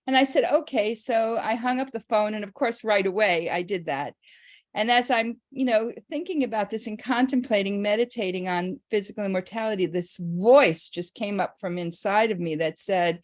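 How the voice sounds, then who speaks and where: Halting, laughing woman telling a story. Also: mid-range voice. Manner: halting, many restarts, laughs often. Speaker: participant sharing memories. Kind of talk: casual personal storytelling.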